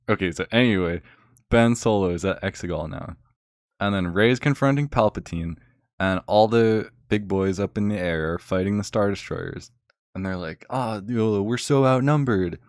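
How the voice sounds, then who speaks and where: A young man rants about a film in a loose, rambling way, with a sarcastic edge and constant fillers. His voice is very low. The sound is close and dry, with no room echo. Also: normal speed. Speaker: vlogger. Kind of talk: casual rant recapping a film.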